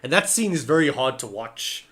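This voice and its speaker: A man's voice: mid-range voice, lively intonation, normal speed, fairly bright tone. A man co-hosting a podcast, casually retelling film scenes with lots of fillers and little acted-out bits. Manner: rambling, many fillers, acts out scenes. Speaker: podcast co-host.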